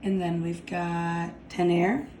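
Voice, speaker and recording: Female teacher, low-pitched, unhurried, checks in with "okay?", echoey room. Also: flat delivery, mellow, slight background noise. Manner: slow, deliberate, repeats "okay?" to check understanding. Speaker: Spanish teacher. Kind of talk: classroom grammar lesson.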